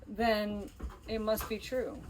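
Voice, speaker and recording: A woman's voice: mid-range voice, little pitch movement, slow, slight background noise. A woman co-hosting a podcast in casual chat, rambling and self-deprecating with jokes. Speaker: podcast co-host.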